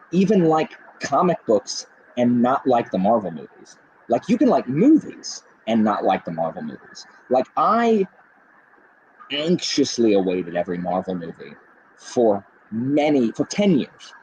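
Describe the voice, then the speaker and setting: A man hosting a casual book chat, talking in animated, ranting bursts with faint background noise. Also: medium pitch, measured pace, poor audio. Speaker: booktube host. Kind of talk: casual chat on a group video call.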